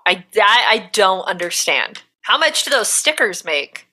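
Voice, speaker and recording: Woman podcast co-host, animated storyteller, bright and forceful. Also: medium pitch, measured pace, slight background noise. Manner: animated storyteller, acts out shouts and sound effects. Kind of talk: casual chat.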